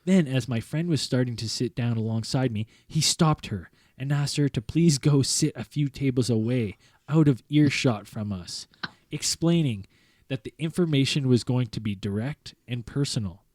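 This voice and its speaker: A male podcast host reads a personal story aloud in a studio, mostly earnest but prone to cracking up. His voice sits at a middle pitch, and the recording is close and dry, with no room sound. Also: normal speed, a little mellow, no echo. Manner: reads earnestly, breaking into laughter.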